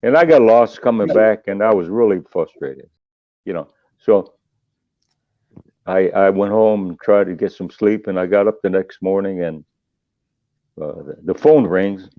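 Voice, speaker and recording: Older man telling animated stories. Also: sits low, measured pace, pauses often, no echo, lo-fi sound. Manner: animated and emotional, voice jumps up in excitement. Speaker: guest musician. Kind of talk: storytelling in a podcast interview.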